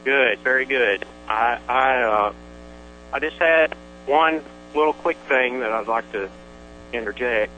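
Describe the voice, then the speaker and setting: Older man calling in, halting and bright. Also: mid-range voice, slight background noise, rough recording. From Tennessee. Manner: halting, with many pauses and restarts. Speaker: caller. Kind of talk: call-in radio chat.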